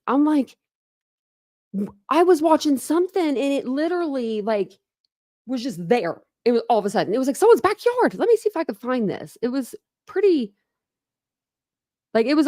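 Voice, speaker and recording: A woman's voice: high-pitched, a little mellow, dry recording, studio quality. A woman hosting a true crime channel, chatting casually with viewers on a livestream, rambling with lots of "like" and answering comments as she goes. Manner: rambling, heavy use of "like".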